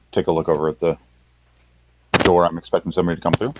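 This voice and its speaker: A man's voice: low voice, fairly even intonation, brisk, noisy background. A man playing a tabletop game, joking and wisecracking while speaking in character. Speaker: player. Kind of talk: casual tabletop role-play.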